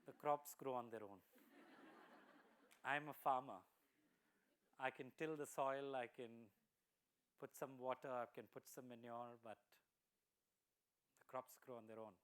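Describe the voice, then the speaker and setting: A man voicing a humble male farmer who speaks in a halting, reverent way. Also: medium pitch, steady tone, a bit bright, smooth, pitched below the performer's own voice, close to an everyday voice. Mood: explaining.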